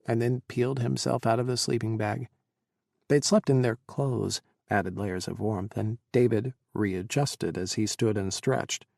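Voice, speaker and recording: A man narrating an audiobook in an even, measured reading. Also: on the low side, gravelly, dry recording, clean studio sound. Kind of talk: scripted narration.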